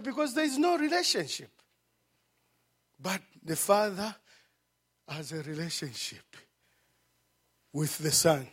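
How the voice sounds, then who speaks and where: A man preaching a sermon. He swings from shouted peaks to hushed, low passages and repeats phrases for emphasis. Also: sing-song, slow, long pauses, slightly rough.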